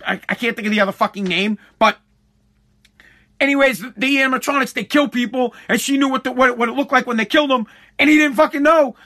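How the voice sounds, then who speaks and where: A man with a high, bright, ringing voice tells a story as a podcast host and father. He swears freely, restarts his sentences and repeats words as he gets worked up. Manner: profane, heated, repeats and restarts often. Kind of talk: casual storytelling monologue.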